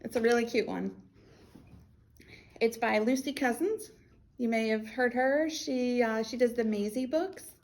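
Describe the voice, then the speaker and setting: A woman's voice: fairly high pitch, a little slow, pauses often, darkish tone. An American woman working as a children's librarian, reading a picture book aloud and acting out animal sounds in a playful way.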